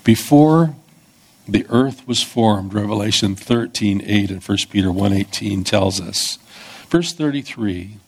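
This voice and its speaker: A pastor preaching an expository sermon in a conversational teaching manner, with small restarts. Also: male voice, on the low side, unhurried, husky.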